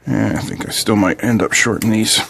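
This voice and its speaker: Joking and making chatty asides, an electronics channel host solders and tests a circuit board from his workbench. His fairly low male voice is a little fast, creaky, slightly rough, and fairly bright in tone.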